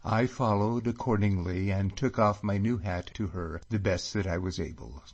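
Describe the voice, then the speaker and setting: A man narrating an audiobook in a measured, unhurried reading. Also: fairly low pitch, a little mellow, dull audio.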